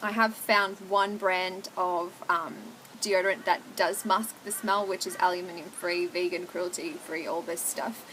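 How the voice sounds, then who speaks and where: A woman's voice: fairly low pitch, steady tone, measured pace, few pauses, a bit bright, slight background noise, low-quality recording. A young woman, talking candidly to camera at home in a chatty, confessional way, full of "like" and "oh my God". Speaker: vlogger. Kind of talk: candid casual chat to camera.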